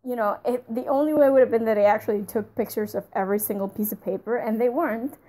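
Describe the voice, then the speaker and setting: A woman reviewing a TV episode in a casual, talky way, frank and enthusiastic, with laughs slipping in now and then. Her voice sits a little high and has a soft, mellow tone rather than a bright one. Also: quick pace. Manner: chatty, frank and enthusiastic, often breaking into laughs.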